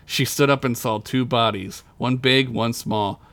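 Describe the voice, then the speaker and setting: A man's voice: medium pitch, fairly even intonation, unhurried, vocal fry, fairly bright tone, no echo. Crass laughing man narrating a game. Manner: laughs through his own jokes, crass asides. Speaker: game master. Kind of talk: crude comedic story narration.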